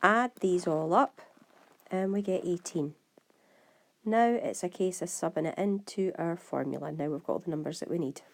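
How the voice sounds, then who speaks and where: A woman with a Scottish accent, a maths teacher working through exam questions step by step and talking straight to her students. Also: lowish voice. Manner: brisk, step-by-step, talks to students directly. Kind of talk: exam walkthrough lesson.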